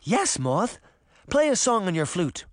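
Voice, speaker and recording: A man's voice: sits high, big pitch swings, measured pace, no room sound, studio quality, voice pushed up. A man voicing a frightened little girl in an audiobook, pleading. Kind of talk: audiobook character voice.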